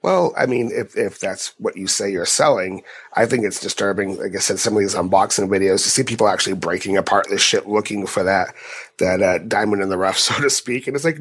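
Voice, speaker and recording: Halting low-voiced man on a podcast. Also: fairly bright tone, husky. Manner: halting, with frequent word repeats. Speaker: podcast co-host. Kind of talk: casual podcast chat.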